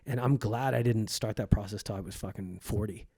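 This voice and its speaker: A man's voice: lowish voice, brisk, dark tone, slightly rough, no echo, clean studio sound. A comedian in his forties who grew up in Egypt, telling stories in a casual podcast conversation, acting out quoted voices and swearing freely. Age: 40s. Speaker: comedian guest.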